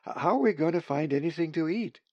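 A man's voice: medium pitch, very animated, measured pace, creaky, breathy edge, dry recording, muffled recording, pitched above the performer's own voice, full character voice. A man voicing a worried, puzzled young male raven full of questions. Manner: anxious, questioning.

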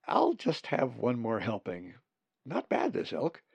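A man's voice: medium pitch, huge pitch swings, unhurried, vocal fry, a little mellow, slightly rough, dry recording, dull audio, full character voice. A man doing a cheery little gray jay. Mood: cheerful. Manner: cheerful, breezy. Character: small cheerful male gray jay, cocky.

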